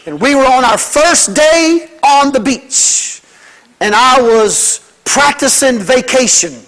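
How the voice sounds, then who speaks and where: An older man, a pastor preaching a fervent sermon to his church, moving between loud, emphatic lines and hushed ones. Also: very high voice, expressive, slow, rough recording.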